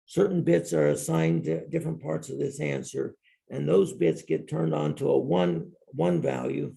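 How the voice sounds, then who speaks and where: A man's voice: on the high side, steady tone, moderate pace, vocal fry, mellow. A male professor giving a university lecture in a classroom, explaining step by step and repeating key terms.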